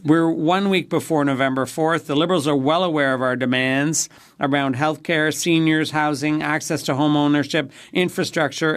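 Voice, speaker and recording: A man's voice sits a little high for a male speaker, smooth and resonant, as he interprets a parliamentary debate. His delivery is measured and formal throughout.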